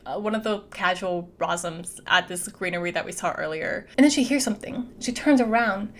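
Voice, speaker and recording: Young woman, movie reviewer, casual recap, chatty, lots of "like", mid pitch. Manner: chatty, peppers speech with "like".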